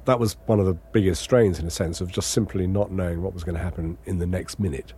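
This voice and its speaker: An English man recounting a long ordeal in measured, understated, wry first-person testimony. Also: deep voice, fairly even intonation, warm tone, a little hiss or hum. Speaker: interviewee recounting his captivity.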